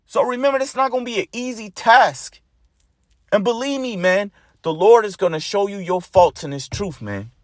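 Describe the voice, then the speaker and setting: A man delivers an informal sermon in a high voice, pressing his points with profanity and repetition. He keeps tagging his phrases with "man". The sound is close and dry. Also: lively intonation, moderate pace, dry recording. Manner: blunt and profane, repeats lines, ends phrases with "man". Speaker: preacher.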